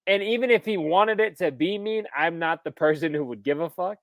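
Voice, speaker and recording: A man's voice: fairly high pitch, a little fast, a bit bright, no room sound. A man in his thirties, a podcast co-host, telling stories in a casual chat, laughing often and swearing freely.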